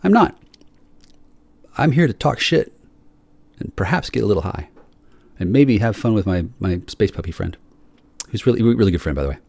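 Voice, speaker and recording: A man in a rambling, profane monologue that swings from shouting to low muttering, often repeating and restarting his words. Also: sing-song, quick pace, vocal fry. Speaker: solo speaker.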